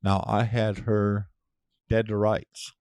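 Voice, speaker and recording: A man hosting his own show, ranting in a casual monologue, blunt and profane with sudden loud outbursts. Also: lowish voice, flat delivery, takes it slowly, clear, resonant tone, no room sound. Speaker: podcast host.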